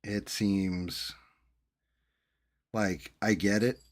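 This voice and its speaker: Deep-voiced, profane storytelling man. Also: fairly even intonation, extremely slow. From New Jersey. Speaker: streamer host chatting with viewers. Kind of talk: casual chat.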